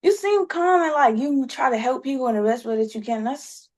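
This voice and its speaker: A woman's voice: high-pitched, animated, fairly quick. Hesitant woman guest. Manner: hesitant, full of "like" and restarts. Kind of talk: casual conversation.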